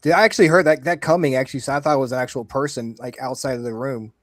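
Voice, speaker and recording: A man's voice: medium pitch, steady tone, rapid-fire, fairly bright tone, no room sound, studio quality. A man hosting a live stream chat, speaking in a laid-back, encouraging way. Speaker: show host.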